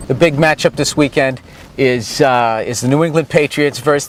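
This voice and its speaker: A man's voice: mid-range voice, moderate pace, poor audio. A man vlogging outdoors as he moves down a street, riffing in a crude, sarcastic, comedic way. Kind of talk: profane comedic ramble while riding down a street. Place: outdoors on a city street, moving.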